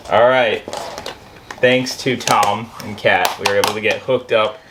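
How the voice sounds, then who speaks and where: A woman with an extremely low voice joins a casual home vlog. She explains things informatively and restarts her sentences often, with a faint hiss behind her. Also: fairly even intonation, measured pace. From family from Zambia. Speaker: guest co-host.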